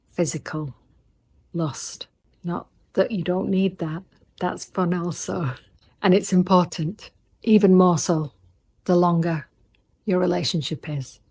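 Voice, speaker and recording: A middle-aged woman giving relationship advice in an earnest, intimate monologue, sometimes sinking to a soft near-whisper for emphasis. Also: fairly low pitch, slightly rough. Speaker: relationship coach.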